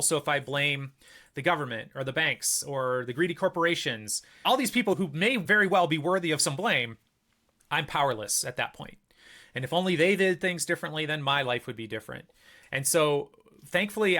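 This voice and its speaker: A man with a higher, bright and forceful voice talks through his ideas as a podcast guest. He tells stories in a lively way and acts out the exchanges he quotes. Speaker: podcast guest, financial psychologist. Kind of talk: conversational interview storytelling.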